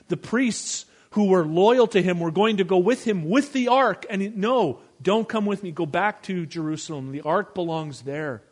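A man delivers a sermon as a pastor, his voice sitting a little high for a man. He drops to near-quiet on tender lines and rises with force on pointed ones. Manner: preaching with swings between hushed and emphatic delivery.

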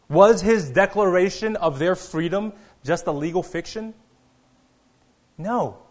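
A man preaching a sermon earnestly, rising to loud proclamations and dropping to quiet asides. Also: fairly high pitch. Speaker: pastor.

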